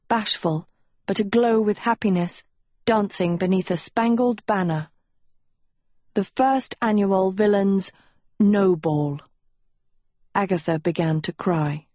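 A woman reads a novel aloud in a slow, deliberate storytelling voice. Her pitch sits in the middle, and she gives each line room. The recording is close and dry. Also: mellow, no echo. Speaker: audiobook narrator. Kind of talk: scripted audiobook narration.

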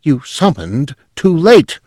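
Shrieking panicky small clerk voiced by a man, jumpy high voice, dry close sound. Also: sing-song, takes it slowly, a little mellow, no room sound, full character voice. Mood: despairing. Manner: frantic, snapping and wailing. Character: panicky small male clerk, nervous and shrill.

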